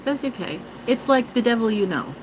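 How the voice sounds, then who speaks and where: A woman's voice: on the high side, lively intonation, brisk, a little hiss or hum, poor audio. Rambling, self-mocking woman vlogger. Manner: joking, swearing, self-mocking. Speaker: spiritual vlogger. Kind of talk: rambling casual monologue.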